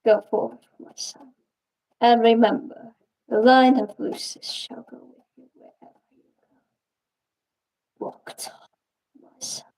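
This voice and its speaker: Whispered role-play: woman doing an older king, hushed whisper, slow and grave. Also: a little high, fairly even intonation, gravelly, rough recording. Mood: solemn. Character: stately older male king blessing his son.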